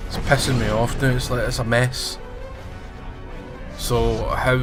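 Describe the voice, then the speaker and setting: A Scottish man rants through a review in a mid-pitched voice, sarcastic and profane, and he mocks the characters with quick put-on lines. Music plays steadily under his talk. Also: level tone. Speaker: film and TV reviewer. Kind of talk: sweary ranting review.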